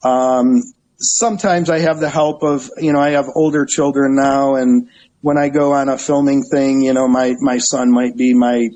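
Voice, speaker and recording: A middle-aged man from Northeast Ohio, a guest telling lively stories in a casual interview and acting out the people in them. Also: medium pitch, moderate pace, poor audio. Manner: animated storyteller, acts out voices, laughs often. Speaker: guest, travel website owner.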